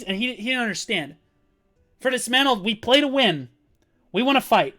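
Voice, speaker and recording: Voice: mid-range voice, lively intonation, normal speed, pauses often, bright, forceful tone, faint music behind. A gaming guild leader telling a live-stream story as a rant, profane and emphatic, full of "like" and "um". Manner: profane, heated and emphatic, with frequent "like" and "um".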